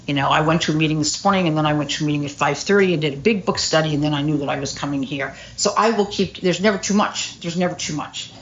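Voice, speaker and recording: A woman's voice: low-pitched, fast, few pauses, muffled recording, slight background noise. A middle-aged woman speaking at a recovery meeting, telling her story candidly with lots of fillers. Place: meeting room.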